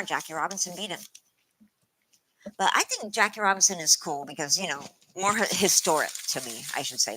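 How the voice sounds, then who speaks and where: A woman's voice: on the low side, pushed and bright, rough recording. A woman hosting a casual trivia stream, playful and laughing often as she reads out chat.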